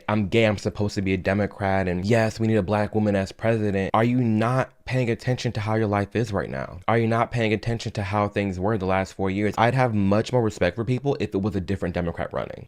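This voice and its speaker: A man with a fairly low voice delivers opinionated commentary to camera. He talks emphatically and sounds exasperated, stumbling and restarting as he pushes his point. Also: a little mellow. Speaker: political commentary vlogger.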